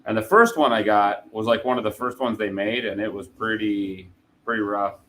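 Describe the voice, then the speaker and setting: On a livestream, a man with a lowish, fairly even voice chats casually at normal speed, rambling in a laid-back way and addressing viewers in chat. A 3D printer runs in the background; his voice is a bit bright, and the audio is poor with slight background noise.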